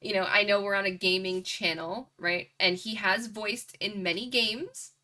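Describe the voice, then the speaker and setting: A woman's voice: mid-range voice, fairly even intonation, normal speed, sharp tone. A woman co-hosting a casual gaming podcast, easygoing, often answering with short agreeing replies. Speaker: podcast co-host. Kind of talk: casual chat.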